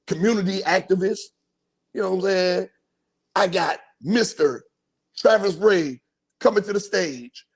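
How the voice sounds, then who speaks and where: A podcast host telling a crude, animated story in casual chat, acting out the people he quotes. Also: sits high, measured pace, gravelly, pauses often, slightly rough.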